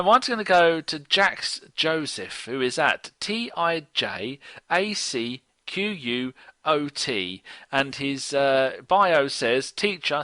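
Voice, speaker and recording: Chatty bright-toned man on podcast. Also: mid-range voice, dry recording. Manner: chatty, laughs easily, teasing. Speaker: podcast co-host. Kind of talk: casual sports podcast banter.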